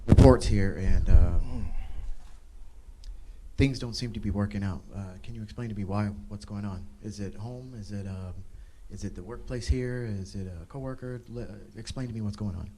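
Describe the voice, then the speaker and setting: Hesitant, mellow-voiced man in a role-play. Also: fairly low pitch, normal speed, a little hiss or hum. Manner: hesitant, with many filler sounds. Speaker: workshop participant. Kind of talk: leadership workshop role-play.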